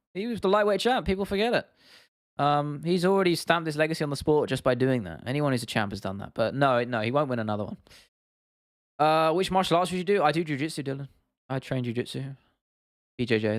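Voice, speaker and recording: Medium pitch, dry studio-quality recording: a man hosting a laid-back livestream chats loosely and laughs as he answers questions from his viewers.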